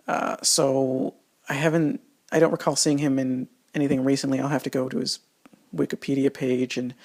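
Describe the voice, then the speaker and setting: A man giving a casual, rambling spoken film review, full of restarts and fillers and exasperated asides. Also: mid-range voice.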